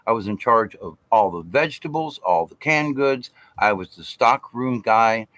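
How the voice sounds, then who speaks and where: Bright-voiced man telling a story. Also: lowish voice, lively intonation, normal speed, no room sound. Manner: rambling and emphatic. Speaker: vlogger. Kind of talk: casual storytelling.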